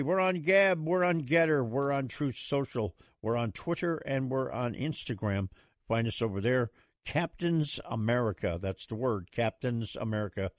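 Booming, dry-voiced talk radio host. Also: male voice, dry recording. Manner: booming, theatrical announcer delivery with shouted flourishes.

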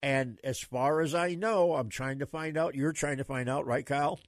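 A man's voice: fairly high pitch, moderate pace, no echo, studio quality. A man hosting a late-night talk radio show for truckers, talking in a folksy, rambling way with plenty of fillers.

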